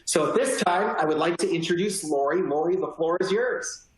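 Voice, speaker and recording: Man moderating a webinar, echoey sound. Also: a little high. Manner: friendly, slightly halting, restarts. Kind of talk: introducing a speaker.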